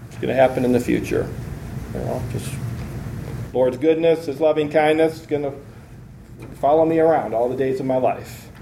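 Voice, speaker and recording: Man, Bible teacher, earnest lecture, step-by-step explanation, reads scripture aloud, warm low tone, echoey classroom recording. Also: brisk, slight background noise.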